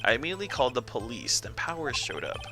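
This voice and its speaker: A man voicing a cool, hard-nosed woman director giving testimony in a video game, in flat, clipped sentences. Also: mid-range voice, fast talker, over music. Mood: curt.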